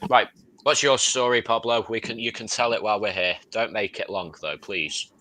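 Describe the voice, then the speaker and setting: A man's voice: lowish voice, fairly even intonation, moderate pace, bright, forceful tone. A young man hosting a casual voice call, talking in a bossy, teasing way. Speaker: host of a story call. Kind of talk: casual chat over a voice call.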